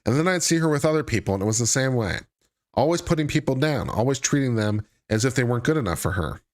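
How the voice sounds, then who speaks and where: A man's voice: mid-range voice, lively intonation, fast. A man hosting a live stream, reading a court filing aloud and breaking off into dry, sarcastic commentary. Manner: reads legal text aloud then breaks off into sarcastic asides. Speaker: legal commentary host.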